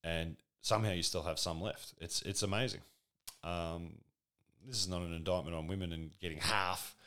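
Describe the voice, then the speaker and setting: A man's voice: low voice, steady tone, normal speed, sharp tone, clean tone. A man rambling through a crude, sardonic comedic monologue.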